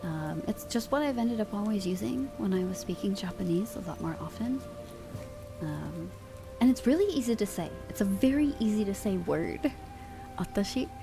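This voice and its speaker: A woman's voice: medium pitch, expressive, moderate pace, vocal fry, over music. A woman streamer chatting casually with her live chat, giggly and swearing freely, at a desk microphone at home.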